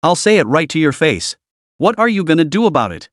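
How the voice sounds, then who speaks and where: A man's voice: a little high, sing-song, fairly quick, no room sound, clean studio sound. A man voicing an arrogant young male gangster who sneers and threatens. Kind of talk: audiobook character voice.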